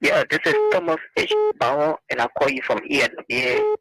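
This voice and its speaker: A man phoning in to a radio show, telling an aggrieved story in an animated way. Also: medium pitch, normal speed, low-quality recording. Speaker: radio caller.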